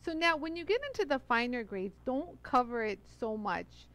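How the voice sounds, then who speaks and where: A woman's voice: a little high, animated, normal speed, a bit bright, poor audio. A woman hosting a live product demonstration, chatty and laughing often as she greets viewers by name. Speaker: livestream demo host.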